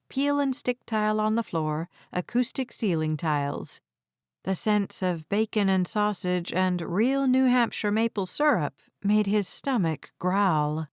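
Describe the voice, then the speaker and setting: A woman narrating an audiobook in a measured, even storytelling voice on a close mic. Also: mid-range voice, clean tone, dry recording.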